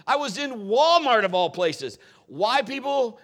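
A middle-aged man preaching to his congregation, swapping sermon points for funny personal stories. His voice sits high and rings bright and forceful. He talks like an animated storyteller who likes to joke. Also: measured pace. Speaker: pastor.

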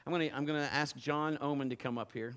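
A man preaching a sermon from a church stage, telling a teasing, animated story and joking with the people he calls up. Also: medium pitch, quick pace, clear, resonant tone. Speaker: pastor. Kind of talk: sermon with a live demonstration. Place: church stage before a congregation.

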